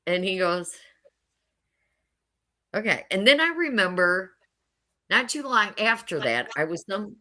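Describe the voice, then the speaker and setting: Bright-voiced woman telling her story. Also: mid-range voice, big pitch swings, measured pace, pauses often. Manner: candid and wry, laughs often. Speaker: mother telling her testimony. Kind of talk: casual storytelling.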